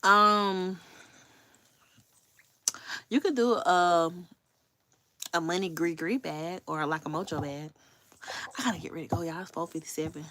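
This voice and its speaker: A woman's voice: on the low side, a little slow, pauses often, sharp tone, a little hiss or hum. Candid, chatty woman livestreaming. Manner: candid and chatty, swears freely; talks straight to viewers. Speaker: livestream host. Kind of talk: casual livestream chat.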